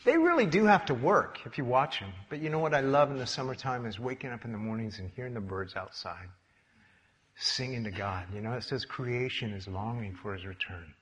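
An older man preaching a sermon, telling stories in a lively way and acting out the characters. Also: mid-range voice, brisk. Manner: animated storytelling, acts out voices. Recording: long hall reverb.

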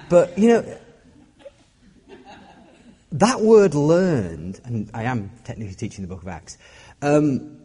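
A man's voice: medium pitch, mellow, slightly rough. A middle-aged man preaching a sermon as a pastor, joking and self-deprecating as he talks. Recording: long hall reverb.

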